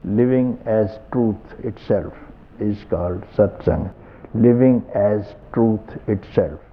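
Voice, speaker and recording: An older man with an Indian English accent giving a slow, repetitive satsang talk as a spiritual teacher, often chuckling softly. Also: on the low side, a little hiss or hum. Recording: tinny lo-fi archival tape.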